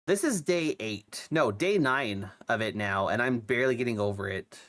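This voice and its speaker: A man's voice: mid-range voice, lively intonation, normal speed, a bit bright. A young man who is sick with a cough, chatting casually on his stream, rambling with lots of fillers and restarts. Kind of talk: casual chat.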